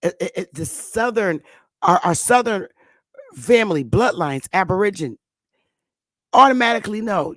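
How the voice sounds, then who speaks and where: A woman's voice: medium pitch, lively intonation, normal speed, long pauses, no echo. A woman with a New York accent giving an emphatic, repetitive casual monologue with frequent swearing. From northern United States. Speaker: commentary host.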